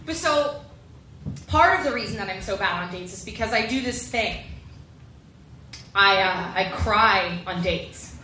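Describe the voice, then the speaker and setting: A woman's voice: mid-range voice, lively intonation, unhurried, long pauses, pushed and bright, reverberant, distant mic, slight background noise, poor audio. A young woman performing a chatty, self-deprecating stand-up comedy set and acting out the voices she quotes.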